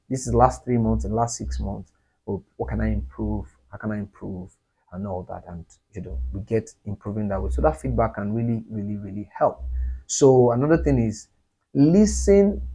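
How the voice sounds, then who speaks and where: A man's voice: mid-range voice, dark tone, breathy edge. A male pastor answering audience questions in an earnest, repetitive teaching style, laughing now and then. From Nigeria.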